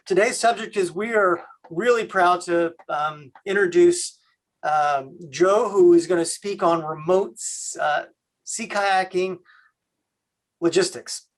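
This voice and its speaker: A man from Canada hosting a video call, talking in a halting way with many fillers. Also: high voice, lively intonation. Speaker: host.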